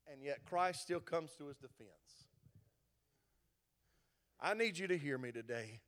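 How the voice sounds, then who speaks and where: Impassioned high-voiced pastor. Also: male voice, big pitch swings, a little slow. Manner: impassioned, building to loud exhortation. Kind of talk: sermon.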